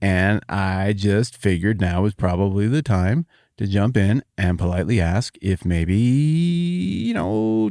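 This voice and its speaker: A man's voice: fairly high pitch, no echo, studio quality, pitched above the performer's own voice. A man voicing a doting mother who sweetly pleads for a huge favour, hesitant and then gushing.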